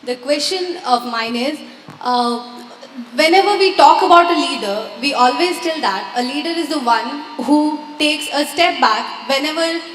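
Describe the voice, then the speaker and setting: A woman's voice: high voice, a bit bright. A woman in the audience asking a careful, slightly hesitant question. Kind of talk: question from the floor. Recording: distant echoey hall, faint music.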